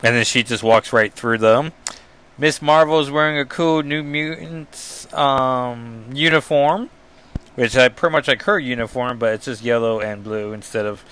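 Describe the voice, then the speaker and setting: This man's voice is mid-range and clean, moving at normal speed as he casually summarizes a comic issue. He wanders off on asides, says um a lot, and reads out captions and dialogue flatly.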